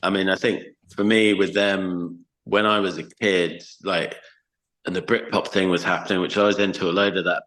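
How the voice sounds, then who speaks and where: Male podcast guest, very low pitch, loose rambling storyteller who swears casually. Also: sharp tone, poor audio. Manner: chatty, swears freely, many fillers. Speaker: podcast guest, band frontman.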